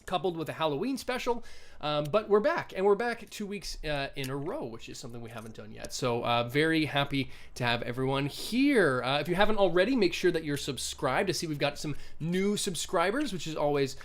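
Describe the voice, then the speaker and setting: A man's voice: fairly high pitch, expressive, a little fast. A man hosting a tabletop game livestream, chatty with many fillers, speaking over a video call. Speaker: game master and host. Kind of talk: livestream host announcements.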